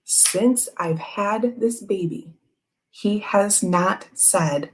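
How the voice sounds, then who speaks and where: A woman's voice: mid-range voice, slow, long pauses, poor audio. A young woman hosting a tarot livestream, telling a long personal story in a rambling, chatty way full of fillers. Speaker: tarot channel host.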